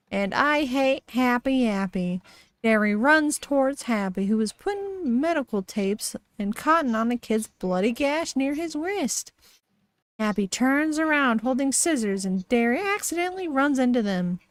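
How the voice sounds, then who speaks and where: A woman's voice: a little high, no room sound. A woman streamer casually reading a horror story aloud, giggly, with frequent laughs and dry asides.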